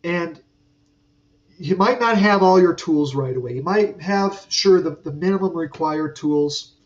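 A man with a fairly high voice tells an off-the-cuff work story, cursing freely and drifting into asides. He sounds a little distant from the mic. The recording has a dull, muffled tone. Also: measured pace. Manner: rambling and profane, with frequent fillers and asides. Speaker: aircraft mechanic podcast host. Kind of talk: casual storytelling monologue.

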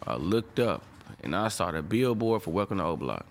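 A young adult man who produces music talks casually in an interview, his low-pitched voice very animated at a normal speed. He rambles emotionally, restarting often and peppering his speech with slang fillers.

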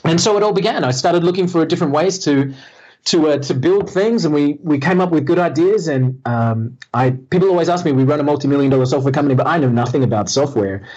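A man's voice: on the high side, fast talker, a little mellow, slightly rough. A man, a guest in a casual interview, telling his story candidly with self-deprecating humor and many restarts. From Australia. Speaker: guest entrepreneur. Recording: slightly muffled lo-fi audio.

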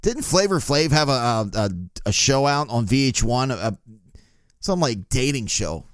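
A man's voice: medium pitch, lively intonation, a little slow, clear, resonant tone, dry recording, studio quality. A male podcast host telling a profane, laugh-filled anecdote in a casual storytelling style.

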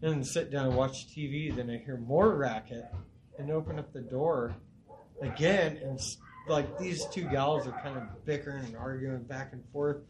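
A man's voice: medium pitch, moderate pace, noisy background. A man co-hosting a podcast, telling stories in casual, profane chat. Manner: profane animated storytelling. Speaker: podcast co-host.

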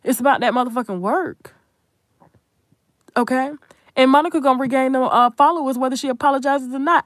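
A woman's voice: high-pitched, animated, brisk, no room sound, clean studio sound. A young adult woman content creator giving a blunt, profane, emphatic commentary rant.

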